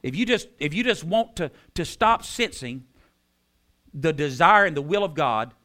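A man preaching a sermon, repeating key phrases with emphasis and dropping into soft tones. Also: a little high, expressive, moderate pace. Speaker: pastor.

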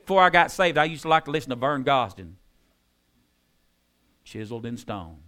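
A man preaching a sermon, repeating key phrases with emphasis and dropping into soft tones. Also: a little high, quick pace. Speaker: pastor.

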